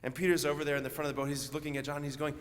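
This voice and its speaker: A Catholic priest preaching a homily in a conversational, earnest way, telling a story vividly. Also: male voice, on the high side, flat delivery, rapid-fire, big-room sound.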